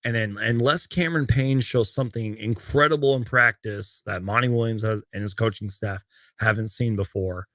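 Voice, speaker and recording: Here the livestream host has a lowish voice with a fairly bright tone, reading game stats and viewer comments in a loose, meandering way. It's casual sports stream chatter, recorded at studio quality with no room sound.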